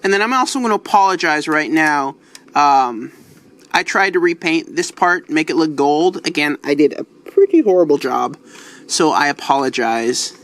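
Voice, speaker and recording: A man's voice: a little high, animated, moderate pace, a bit bright. A man hosting a casual toy review, chatty and a little apologetic, with plenty of fillers as he talks. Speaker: toy reviewer, channel host.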